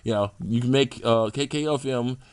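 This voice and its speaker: A man's voice: medium pitch, normal speed, a little mellow, smooth, dry recording. A young man casually rambling about the game characters he makes, laughing often and restarting his sentences. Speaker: hobbyist game-character maker.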